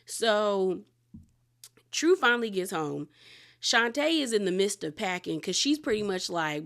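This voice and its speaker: A woman talks through a reality TV episode in a loose, chatty recap. She is candid and outspoken, dropping gossipy asides. Her voice sits at an ordinary middle pitch. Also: sing-song, a little slow, gravelly, a bit bright. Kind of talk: casual spoken recap and commentary.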